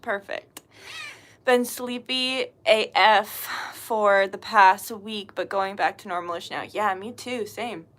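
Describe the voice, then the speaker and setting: A woman hosting a spiritual live stream, reading viewers' names, saying "um" often, and speaking prayers in a soft, hushed voice. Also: mid-range voice, slow. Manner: greets chat viewers, laughs easily, fills with um. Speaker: spiritual reader and livestream host. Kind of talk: casual live-stream chat with opening prayer.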